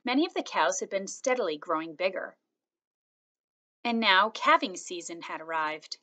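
A woman reading a children's novel aloud chapter by chapter, in a calm, steady storytelling manner. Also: mid-range voice. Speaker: reader.

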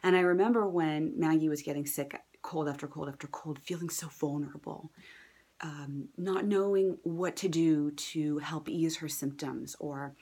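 A low-voiced woman in her thirties shares a heartfelt personal testimonial as a mother. She talks casually and earnestly, with fillers and restarts, and sometimes drops into a whisper. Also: steady tone, normal speed, darkish tone, slightly rough.

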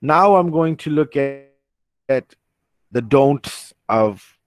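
A man leads an online training over a video call through his computer mic, his medium-pitched voice expressive and slow with no room sound. Earnest and reassuring, he frequently starts sentences over and reads questions out from the chat.

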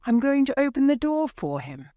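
A frantic old mother cries out in a high, pleading voice, as a woman reading a story puts her on. Her pitch leaps and falls widely, and the sound is close and dry. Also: wildly swooping pitch, takes it slowly, darkish tone, no room sound, heavily acted.

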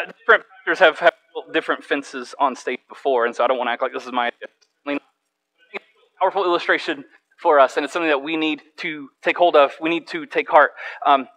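Bright, high-voiced male pastor preaching. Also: poor audio. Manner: animated storyteller, repeats words when he restarts. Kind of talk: sermon with a personal story. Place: church stage.

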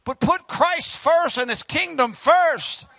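A middle-aged man, preaching a fiery sermon as pastor, joking and then shouting his exhortations. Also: very high voice, expressive, slow, no echo.

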